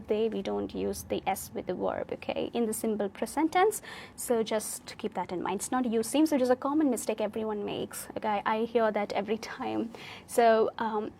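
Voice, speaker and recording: Teaching a live online speaking class, a woman with an Indian English accent and a fairly high pitch encourages students and corrects their sentences. She often checks in with "okay?"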